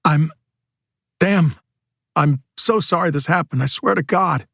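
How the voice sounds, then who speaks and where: A man voicing a shaken grown man who gasps out his words haltingly in an audiobook. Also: on the high side, creaky, a bit bright, no echo, clean studio sound, heavily acted. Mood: distraught. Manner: gasping, halting.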